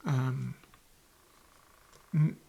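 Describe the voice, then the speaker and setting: A man voicing an earnest, grateful male band leader, talking politely and haltingly with a New Zealand accent. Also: medium pitch, steady tone, vocal fry, dark tone, breathy edge, heavily acted. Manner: halting, polite, hesitant speech.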